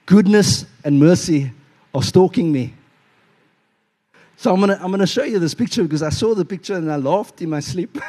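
In church, a male pastor preaches a sermon with animated playfulness, acting out little voices as he tells a story. His voice is a little high.

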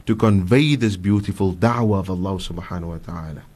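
A man's voice: low voice, a little fast. Man telling stories on radio. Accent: South African. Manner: animated storyteller, acts out quotes, frequent fillers. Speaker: guest Islamic scholar. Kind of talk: radio religious talk, storytelling. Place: radio studio.

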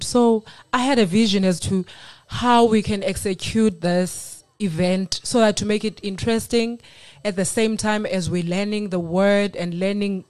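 A woman from South Africa telling her faith testimony on a radio talk show, earnest and animated. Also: medium pitch. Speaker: guest sharing testimony.

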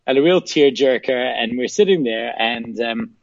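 A man's voice: mid-range voice, moderate pace, no echo. Man telling a story down a dull phone line. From South Africa. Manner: animated, laughing anecdotes with acted-out quotes. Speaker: phone-in guest. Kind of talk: casual storytelling.

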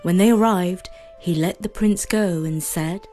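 A woman narrating a fairy story in a measured, expressive reading. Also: fairly low pitch, faint music behind. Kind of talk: scripted narration.

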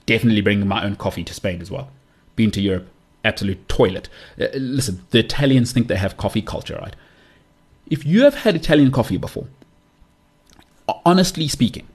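A man's voice: lowish voice, expressive, quick pace, a little mellow, breathy edge. A man from South Africa hosting his own podcast, ranting with strong, emphatic opinions and repeating his punchlines. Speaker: podcast host. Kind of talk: solo podcast rant.

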